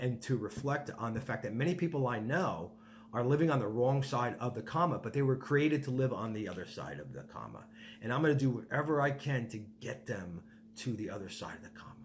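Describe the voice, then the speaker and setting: A man's voice: medium pitch, a little hiss or hum. A man preaching a sermon in an emphatic way, often tagging points with "right?" and repeating words as he goes. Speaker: pastor. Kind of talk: podcast sermon.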